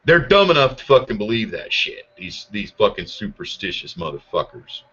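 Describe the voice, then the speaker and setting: This podcast host's profane political rant comes out in a fairly low, husky, fairly bright voice with a sing-song lilt at a moderate pace. He's angry and sarcastic, swearing heavily, and the recording is muffled and lo-fi.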